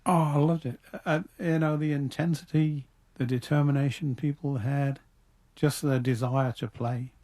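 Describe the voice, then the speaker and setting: An older man from Liverpool with a mellow, warm voice and a Liverpool accent. He answers interview questions reflectively, often restarting his sentences as he thinks back. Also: a little high, fairly even intonation, moderate pace. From Liverpool, England. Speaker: interview guest. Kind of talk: radio interview.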